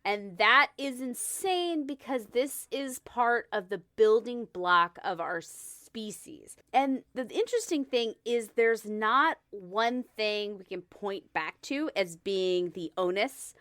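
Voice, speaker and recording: Woman cohost, really animated voice, explaining stuff casually. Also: a little high, slow, no echo, studio quality. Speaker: podcast co-host.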